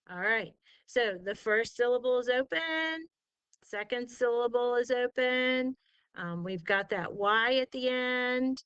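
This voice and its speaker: A woman patiently tutors spelling in a phonics lesson, drawing out vowel sounds and asking leading questions that she answers herself. Her voice is fairly high, fairly bright, clear and resonant, with no echo but a lo-fi sound.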